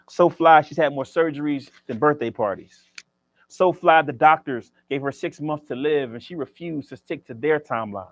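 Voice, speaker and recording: A man's voice: fairly high pitch, no echo. Man performing spoken word poetry. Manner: rhythmic, preacher-like cadence; joking banter with the audience. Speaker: featured poet. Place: library reading event.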